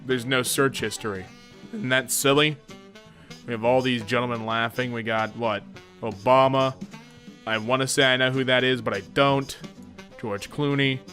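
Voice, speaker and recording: A man hosting a casual comedic meme commentary, jumping into squeaky silly voices. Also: steady tone, normal speed, pushed and bright, soft background music. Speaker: meme reaction host.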